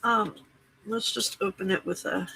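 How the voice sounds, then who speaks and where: A woman's voice: mid-range voice, steady tone, unhurried, gravelly, sharp tone, a little hiss or hum, rough recording. A woman hosting a late-night crafting livestream from her home craft room, chatting casually, greeting viewers by name and teasing herself.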